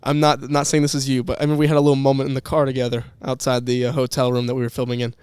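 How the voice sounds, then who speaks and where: A man's voice: mid-range voice, level tone, very fast, a little mellow, clean tone, dry recording, studio quality. A young man chatting casually on a podcast, telling rambling stories with restarts and laughs. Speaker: podcast guest, former employee. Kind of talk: casual chat.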